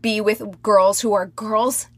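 A woman's voice: mid-range voice, fairly even intonation, slow, no room sound. A woman co-hosting a podcast in casual chat, talking bluntly and swearing freely. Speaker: podcast co-host.

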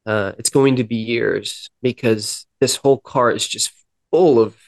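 A young man speaks as a podcast guest, recounting his own past in a candid, earnest way. His voice sits at a middle pitch, and he often slips into quoting what he and others said. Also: steady tone, unhurried, creaky. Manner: earnest, reflective, quoting himself and others in dialogue. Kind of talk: candid personal storytelling.

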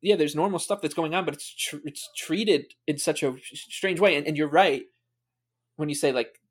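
Rambling man with halting speech. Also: fairly high pitch, husky. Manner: rambling, halting, many fillers. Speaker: podcast co-host. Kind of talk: casual sports podcast chat.

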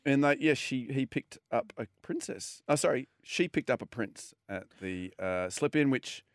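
A man's voice: mid-range voice, expressive, moderate pace, no echo, studio quality. An Australian man co-hosting a casual radio show, joking and reading from the newspaper. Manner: jokey, reads from the newspaper aloud. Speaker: radio co-host. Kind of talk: casual sports radio banter.

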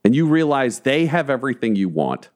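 A man narrating as game master, telling the story slowly and theatrically and building tension. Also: medium pitch, very animated, a little mellow. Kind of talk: dramatic tabletop narration.

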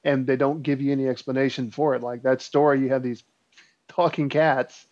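A man's voice: mid-range voice, fairly quick. Rambling man telling a story, lo-fi. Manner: rambling, relaxed storyteller with many fillers. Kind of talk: casual storytelling chat. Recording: dull lo-fi sound.

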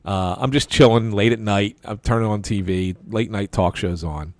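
Man telling a lively story, dry sound. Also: fairly low pitch, normal speed, no room sound. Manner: animated anecdote-telling with many restarts and quoted voices. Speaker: podcast host. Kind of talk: casual storytelling.

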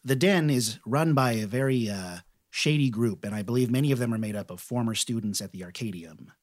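A man narrating as game master in a relaxed, chatty way, with plenty of fillers. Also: medium pitch, a little fast.

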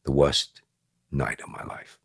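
A man, a podcast guest, telling a personal story in an animated way and acting out other people's lines. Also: measured pace, no echo, studio quality. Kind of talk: emotional storytelling.

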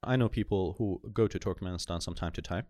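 A man from Iran with a Persian accent, co-hosting a podcast and making short deadpan jokes at an unhurried pace. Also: deep voice, dry recording, studio quality. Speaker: podcast co-host. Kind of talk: casual podcast chat.

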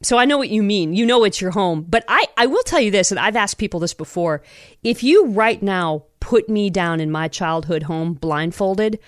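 A woman co-hosting a casual podcast chat, animated and rambling, often breaking into laughter. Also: mid-range voice, normal speed, no room sound, studio quality. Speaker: podcast co-host.

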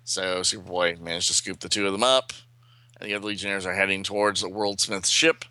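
A man reading a comic book aloud on a podcast, giving the dialogue quick, light voices and adding his own asides. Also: low-pitched, little pitch movement, sharp tone, no room sound.

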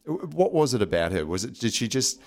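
A man's voice: mid-range voice, big pitch swings, fairly quick, a little mellow. An Australian man hosting an interview, encouraging his guest with frequent short affirmations. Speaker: podcast host. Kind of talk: conversational interview.

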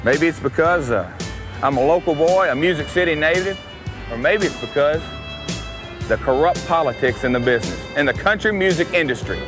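A man plays a swaggering young wrestler with a thick Tennessee twang, bragging and sneering in a drawling promo voice. The voice sits high, and country guitar music plays loudly behind him. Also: expressive, fairly quick, close to an everyday voice. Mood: boastful. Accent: Southern US, Tennessee. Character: cocky young male wrestler, would-be country star. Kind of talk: archival promo vignette.

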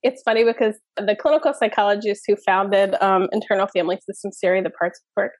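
A woman in her thirties, a parenting expert, telling stories in a lively, casual podcast chat full of fillers. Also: mid-range voice, quick pace, no echo. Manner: animated storytelling, many fillers.

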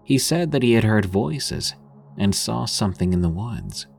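A man's voice: fairly low pitch, lively intonation, measured pace, creaky, darkish tone, faint music behind. A man voicing a young male camper who earnestly tells a spooky hunting story.

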